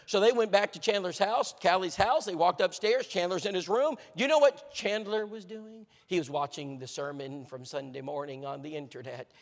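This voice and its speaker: A man preaching and telling a story at an evangelism workshop, earnest and emphatic, dropping to a hush and rising again. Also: fairly high pitch, normal speed, big-room sound. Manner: earnest, emphatic, shifting between hushed and animated. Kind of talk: sermon storytelling.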